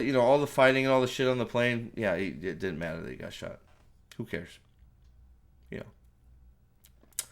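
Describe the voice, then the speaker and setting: A man's voice: fairly low pitch, vocal fry. A man giving a ranting spoiler review of a movie, sarcastic and exasperated, full of swearing, rambling and restarting his sentences.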